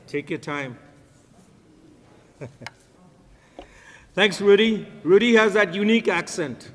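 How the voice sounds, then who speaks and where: A man's voice: high-pitched, slow, a bit bright. An older man with a Trinidadian accent, speaking at a memorial service, telling jovial stories and laughing along with the room. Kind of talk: anecdotal eulogy with jokes. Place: funeral home service hall. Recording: long reverb in a hall.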